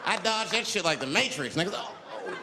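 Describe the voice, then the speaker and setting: A man's voice: sits high, brisk, heavy background noise. A male stand-up comedian telling a profane story to a large theater audience, acting out the voices. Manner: animated, profane, acts out voices. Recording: echoey hall with crowd laughter. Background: audience laughter.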